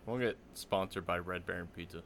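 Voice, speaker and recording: Low-voiced man chatting casually. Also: brisk, fairly bright tone, slight background noise. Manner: rambling, lots of "like" fillers, joking. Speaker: podcast co-host. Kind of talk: casual chat.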